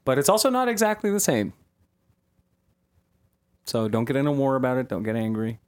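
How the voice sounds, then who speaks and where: A man hosting a comedy podcast sketch, animated and quick to shout in high, startled bursts. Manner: animated, jumps into high-pitched exclamations. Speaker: podcast host.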